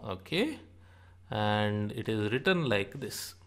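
Slow-paced man teaching an alphabet. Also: lowish voice, very animated. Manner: slow, repeats each sound and example word. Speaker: language teacher. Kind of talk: slow spoken alphabet lesson.

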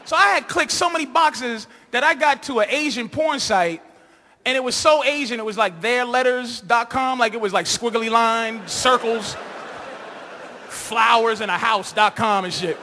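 A man doing a crude, rambling stand-up comedy set on a live stage, shouting his punchlines and acting out voices. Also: very high-pitched, moderate pace, a little hiss or hum.

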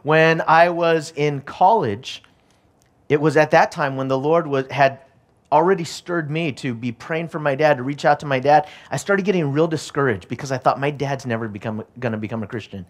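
A middle-aged male pastor giving a sermon, moving from a personal story to urgent, repeated exhortation. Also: mid-range voice.

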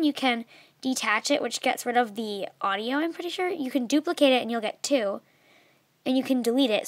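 A woman's voice: on the high side, dry recording. Chatty young woman, dry close sound. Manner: chatty, filler-heavy, trails off softly. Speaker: video tutorial maker. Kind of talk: casual screen tutorial.

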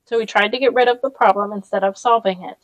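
A grave middle-aged woman who leads a town, read by a woman narrator. Her voice is deep with a slight quiver. It is recorded dry and close. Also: fairly even intonation, quick pace, no room sound, lightly acted, poor audio. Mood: solemn.

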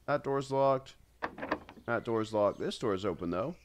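A man's voice: medium pitch, animated, unhurried, background noise. A man streaming a horror game, giving casual commentary with jittery, nervous exclamations.

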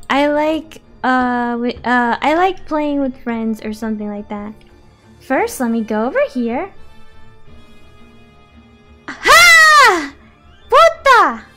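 A woman's voice: sits high, a bit bright. Swearing, exasperated young woman streamer. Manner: exasperated, swearing, switching between English and Spanish. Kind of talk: live gameplay commentary.

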